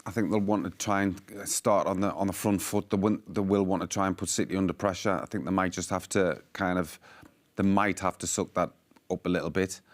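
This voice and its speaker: A man giving football analysis in casual chat, measured and rambling, with frequent restarts. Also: low voice, steady tone. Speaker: football pundit.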